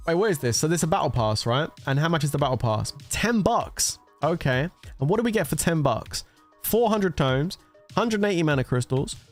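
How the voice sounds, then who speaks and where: A man streaming a mobile strategy game, chatting casually and excitably with his viewers and swearing freely. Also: mid-range voice. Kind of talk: casual live-stream commentary.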